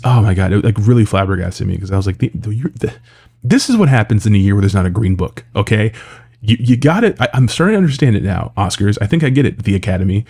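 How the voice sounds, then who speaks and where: Low, mellow-voiced man ranting profanely. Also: animated, fast, vocal fry, breathy edge. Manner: profane, exasperated, sarcastic, lots of filler words. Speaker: commentator. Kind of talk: casual ranting commentary.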